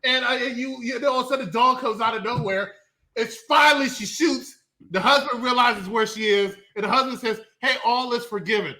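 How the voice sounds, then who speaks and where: Guy hosting a movie review show, high bright voice, loud and joking, retells scenes. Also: a little fast. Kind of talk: casual movie review chat.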